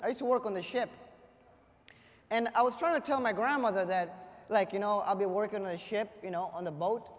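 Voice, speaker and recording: Young male stand-up comic, very high voice, punchy energetic delivery, long hall reverb. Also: brisk. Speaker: stand-up comedian. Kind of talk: stand-up comedy set. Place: live comedy stage before an audience.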